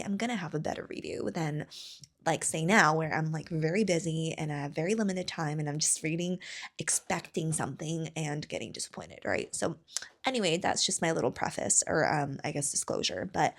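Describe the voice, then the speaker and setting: Low-voiced chatty woman with vocal fry. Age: 30s. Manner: rambling and chatty, many fillers. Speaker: book vlogger. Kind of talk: casual chat to camera.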